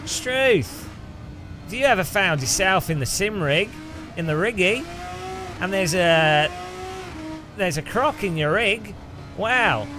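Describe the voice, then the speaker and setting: A British man putting on an excitable male Australian outback presenter voice for a joke. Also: high-pitched, unhurried, pauses often, over music. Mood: mock excited. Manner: exaggerated mock-Australian, playful.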